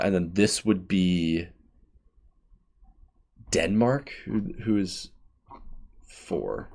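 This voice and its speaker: A man hosting his channel, casually thinking aloud through his bracket predictions with quick asides. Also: low voice, gravelly, a little mellow. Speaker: channel host.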